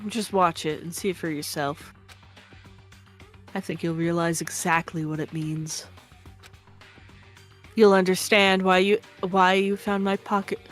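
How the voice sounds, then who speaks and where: Kirigiri, a cool and guarded teenage girl detective, read out by a woman, speaks in terse, matter-of-fact lines at a middling pitch. Faint music plays behind her. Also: lightly acted. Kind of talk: dramatic reading of game dialogue.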